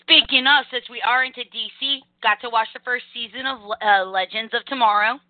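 A woman hosting a casual podcast chat, blunt and animated, swearing casually. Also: a little high, fairly quick. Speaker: podcast host. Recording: phone-like narrow sound, dry.

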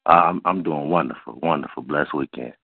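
A man calling in to the show, speaking slowly and deliberately, in a warm-hearted way. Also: extremely low pitch, vocal fry, husky, no room sound. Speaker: caller. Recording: tinny phone-like line, dry.

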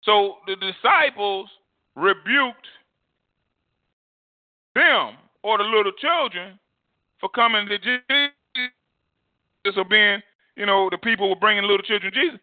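Casting: male pastor, high voice, lively rhetorical sermon on thin phone-like audio. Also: unhurried, pauses often, dry recording. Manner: emphatic preaching, repeats words, swings loud and soft.

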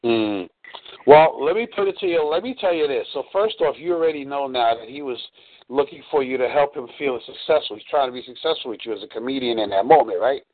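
A man's voice: medium pitch, lively intonation, fairly quick. A man in a coaching call, explaining earnestly and drawing on examples. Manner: earnest, explanatory, uses y'all. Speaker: dating coach. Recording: tinny phone line.

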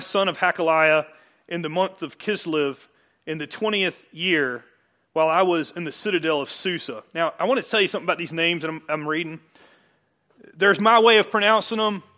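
A man preaching a sermon, animated and joking, building to excited emphasis. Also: sits high, fairly quick. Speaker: pastor.

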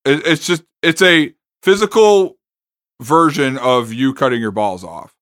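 A man's voice: mid-range voice, a little slow, fairly bright tone, no echo, clean studio sound. A man co-hosting a casual podcast, blunt and crude, keeping the conversation on track. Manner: blunt, crude jokes, steers the segment. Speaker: podcast co-host. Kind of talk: casual chat.

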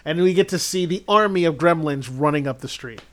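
High pitched guy on a comedy podcast, rambly movie recap, keeps laughing at his own story. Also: a little fast. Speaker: podcast co-host.

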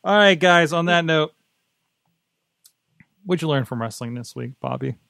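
A man hosting a casual wrestling podcast. He jokes, laughs often and swings between loud and quiet. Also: on the high side, measured pace, creaky, no echo. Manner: laughing, joking, animated swings in loudness. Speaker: podcast host. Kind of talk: casual chat.

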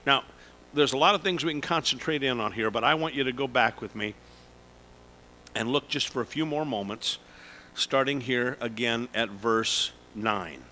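A man, a pastor preaching a sermon in a slow, emphatic way with sudden lifts in pitch. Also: sharp tone, a little hiss or hum, rough recording.

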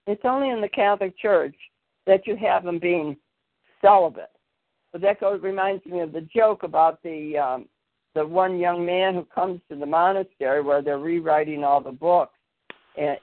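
A man's voice: high-pitched, dry recording. A man hosting a podcast in a casual chat, telling a long story full of fillers and detours. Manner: meandering, with frequent fillers. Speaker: podcast host. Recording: tinny phone-line sound.

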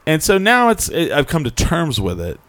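A man's voice: a little high, huge pitch swings, normal speed, a bit bright, dry recording. A young man co-hosting a casual talk show, rambling through anecdotes and acting out what people said to him. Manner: rambling storyteller, acts out quotes. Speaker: podcast co-host. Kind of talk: casual chat.

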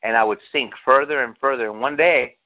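A man's voice: medium pitch, a little fast. A male pastor preaches in a conversational, storytelling way. He acts out the people in his stories and puts questions to his listeners. The sound is thin and tinny, like a phone line. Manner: storytelling, acts out quotes, asks the congregation questions. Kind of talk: sermon.

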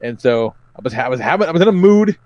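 Profane, animated male podcast storyteller. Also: mid-range voice, quick pace, no room sound, muffled recording. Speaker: podcast co-host. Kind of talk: casual comedic chat.

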